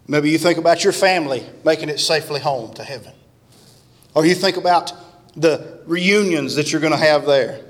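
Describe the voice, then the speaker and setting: A man preaching a revival sermon in a church, fervent and emphatic. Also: fairly high pitch. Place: church sanctuary. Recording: long church-hall reverb.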